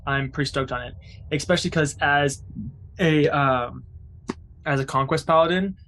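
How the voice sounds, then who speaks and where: A man with a somewhat raised voice talks through his moves as a player in a tabletop game. He is quick to get excited and gushes over good rolls. Faint ambient noise sits underneath. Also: a little high. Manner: excitable, enthusiastic exclamations. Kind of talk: casual tabletop game chat.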